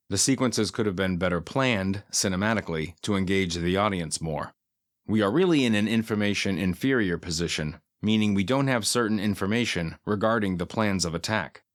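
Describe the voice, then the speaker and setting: A man reviewing a film in a scripted monologue, with dry, sardonic humor and deadpan asides, slowing down to land his points. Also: lowish voice, no echo.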